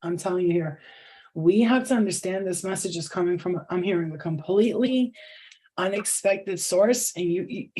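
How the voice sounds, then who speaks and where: A woman's voice: fairly low pitch, warm tone. A middle-aged woman hosting a live spiritual reading, talking casually, swearing, restarting sentences and laughing often. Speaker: tarot reader.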